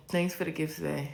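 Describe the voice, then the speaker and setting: A young adult woman hosting a casual live stream, answering viewer comments in a blunt, profane, sassy way with drawn-out repeats. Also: low-pitched, gravelly, a little mellow, a little hiss or hum. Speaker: livestream host. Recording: roomy echo.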